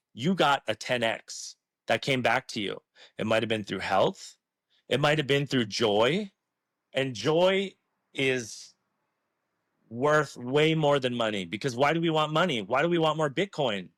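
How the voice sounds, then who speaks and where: A man's voice: mid-range voice, a bit bright, no echo. Earnest, emphatic man, dry sound. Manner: earnest, emphatic, swears freely. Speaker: interview guest. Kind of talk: passionate casual talk.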